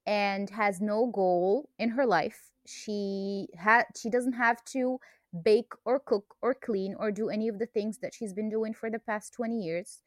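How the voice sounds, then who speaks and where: A young woman co-hosting a casual book podcast, unhurried and hesitant, with many ums. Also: medium pitch, fairly even intonation, no room sound, clean studio sound. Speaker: podcast co-host.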